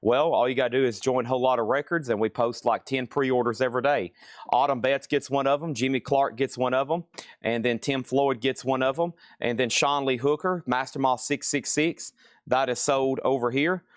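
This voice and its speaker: Middle-aged guy selling records live from his shop, quick casual patter, mid-pitched, dry sound. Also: steady tone, no echo. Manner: brisk auctioneer-style listing, casual asides. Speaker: host of a live record sale. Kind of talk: live-stream sales patter. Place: record store with crates and tables.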